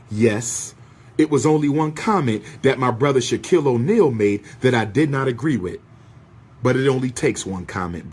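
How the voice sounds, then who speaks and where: A man's voice: medium pitch, darkish tone, slightly rough. A man giving an impassioned, preacher-like rant to an audience, full of repeated rhetorical questions. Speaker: speaker addressing an audience. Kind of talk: impassioned ranting speech.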